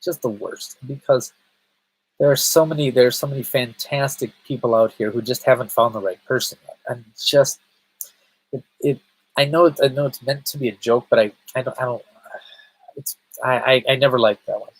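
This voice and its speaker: A man's voice: medium pitch, steady tone, normal speed, breathy edge, low-quality recording. A man chatting casually on a live stream, rambling and stammering, answering viewers' comments. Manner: rambling, stammers and restarts often; chats with viewers, reading their comments. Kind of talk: casual livestream chat.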